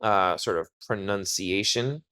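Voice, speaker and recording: A man's voice: fairly low pitch, measured pace, sharp tone, smooth. A man working as an SAT tutor, talking through test questions step by step in a test prep walkthrough. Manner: explanatory, talks through reasoning step by step.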